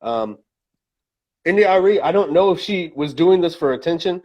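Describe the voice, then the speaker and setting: A man's voice: a little high, lively intonation, moderate pace, muffled recording. A man co-hosting a casual podcast, talking through his opinions with lots of fillers and restarts. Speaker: podcast co-host.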